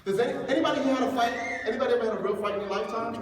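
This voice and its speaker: A man giving an animated lecture to young people, acting out the voices of the people he quotes. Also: very high-pitched, rapid-fire, a crowd in the background. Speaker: imam giving a youth lecture. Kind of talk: lively motivational lecture. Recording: echoey hall from far off, faint noise.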